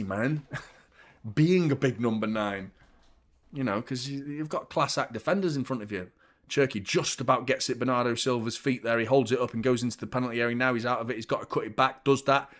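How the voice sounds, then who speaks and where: A man hosting a live football watchalong, chatting opinions and commenting on play, swearing freely and getting loud at big moments. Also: medium pitch. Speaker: host of a football fan channel.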